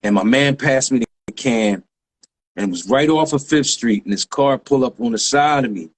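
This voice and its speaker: A man, a graffiti writer guest telling a story in lively street slang with sound effects. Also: mid-range voice, normal speed. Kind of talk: animated storytelling.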